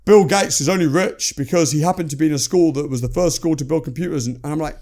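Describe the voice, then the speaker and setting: A man's voice: on the high side, fast talker, a little mellow. A man, a guest on a podcast, talking bluntly and animatedly about sales and acting out calls. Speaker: entrepreneur guest. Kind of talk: casual podcast conversation.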